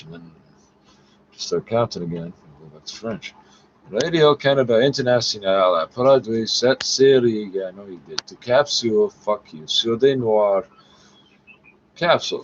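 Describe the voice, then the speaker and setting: A man reading French aloud haltingly in a casual solo recording, cursing and arguing with the text between lines, often muttering his asides. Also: on the low side, slight background noise. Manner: profane, argumentative, mutters asides under his breath; reads French haltingly, stopping to correct himself. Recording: dull lo-fi recording with faint music. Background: faint music.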